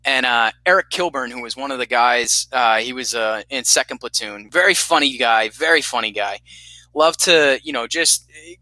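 Bright-voiced man telling profane stories. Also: medium pitch, moderate pace, no echo, low-quality recording. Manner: profane, animated storyteller who acts out quotes. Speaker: guest telling war stories. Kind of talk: casual storytelling.

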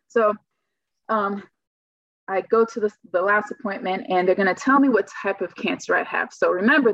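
A woman's voice: on the low side, a bit bright, dry recording. A woman telling a personal story in casual, rambling speech, full of "like" fillers, on a slightly muffled recording. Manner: rambling, heavy use of "like" fillers. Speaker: guest telling her story.

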